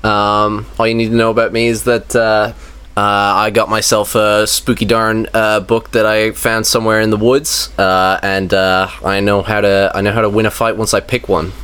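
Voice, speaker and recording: A man playing in a tabletop role-playing podcast, wry, pausing often with fillers. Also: fairly low pitch, flat delivery, a bit bright, clear, resonant tone. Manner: hesitant, lots of filler pauses, wry. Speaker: player. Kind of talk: casual tabletop podcast chat.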